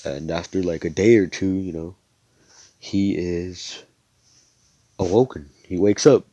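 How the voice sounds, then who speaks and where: A man's voice: deep voice, measured pace, mellow, no echo, lo-fi sound. A young man casually narrating a fan story in a rambling, slangy way, with swearing.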